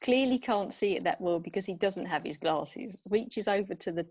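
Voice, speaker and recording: A woman co-hosting a podcast, chatting thoughtfully with many pauses. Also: medium pitch, a little mellow, husky. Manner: thoughtful, hesitant with fillers. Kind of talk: casual chat.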